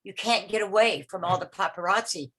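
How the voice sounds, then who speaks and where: A woman's voice: medium pitch, a bit bright, breathy edge, rough recording. Older woman telling a rambling personal story. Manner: rambling, halting, with many restarts and repeated words; acts out the voices of people in her story. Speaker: meeting participant sharing a story. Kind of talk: personal storytelling on a video call. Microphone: video call.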